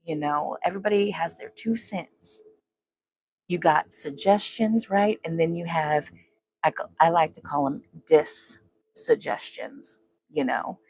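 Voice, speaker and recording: Speaking a little slowly in a low, slightly mellow, husky voice, a woman does a casual tarot reading. She chats to her viewers and to spirit, humming away as she shuffles.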